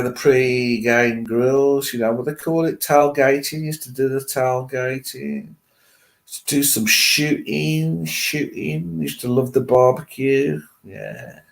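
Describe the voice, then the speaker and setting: A middle-aged man with an English Midlands accent speaks at a medium pitch with some vocal fry. He's hosting a live stream, chatting loosely with viewers' comments and rambling as he thinks aloud.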